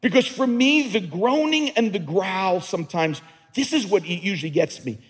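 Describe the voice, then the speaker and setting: A man's voice: sits high, animated, moderate pace, husky. A man preaching a sermon as a pastor, earnest and emphatic, often repeating words as he builds a point. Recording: long reverb of a large hall.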